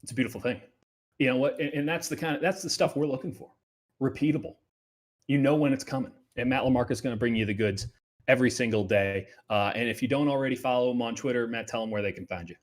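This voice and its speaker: A man hosting a sports betting show, talking casually and loosely, often dropping into quiet asides. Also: medium pitch, fast talker.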